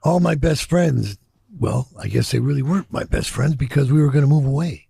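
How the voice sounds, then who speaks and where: An older man from Chicago with a deeply gravelly, husky voice tells candid stories from his past in an interview, cursing freely and imitating the people he quotes. His dark, mellow tone is recorded dry and close with no room sound, and he speaks fairly quickly in a reflective way.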